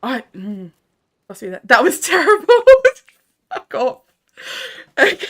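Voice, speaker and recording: A woman's voice: fairly high pitch, sing-song, measured pace, long pauses, pushed and bright. An Australian woman streaming a game, chatting casually with viewers, laughing often and swearing a little. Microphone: desk microphone.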